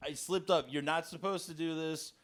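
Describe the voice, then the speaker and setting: Young man, casual podcast chat, crude and excitable, fairly high voice. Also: moderate pace. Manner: crude, excitable storytelling, laughs through punchlines. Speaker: podcast co-host.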